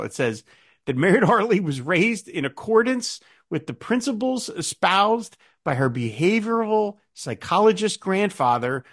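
A middle-aged man co-hosting a podcast, chatting about a TV show in an animated way, full of asides. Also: high voice. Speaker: podcast co-host. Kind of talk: casual chat about a TV show.

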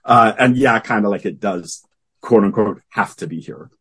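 Husky man retelling a comic story. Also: on the low side, normal speed. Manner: animated retelling, acting out lines in quotes. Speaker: podcast co-host. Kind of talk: casual comic book discussion.

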